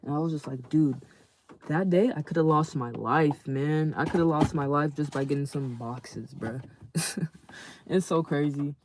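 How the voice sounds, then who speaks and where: A man's voice: on the high side, unhurried, a little hiss or hum. Slangy man telling a story to chat. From California. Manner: slangy, animated storytelling with quoted voices. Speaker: livestream host. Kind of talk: casual storytelling to live chat.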